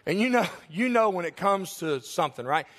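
A man's voice: high-pitched, lively intonation, brisk, a bit bright. A male pastor preaching a sermon in church, telling confessional, humorous stories to his congregation.

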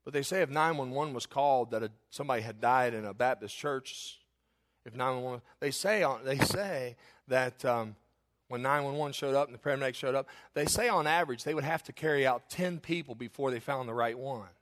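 A man preaching a sermon as pastor, emphatic and rising into loud bursts. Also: mid-range voice, a little fast.

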